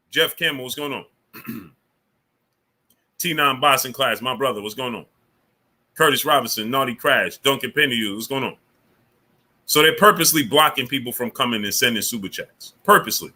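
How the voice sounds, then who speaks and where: A man's voice: mid-range voice, bright, forceful tone. A man hosting a casual live stream, greeting viewers by name and grumbling with indignation about the platform. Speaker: livestream host.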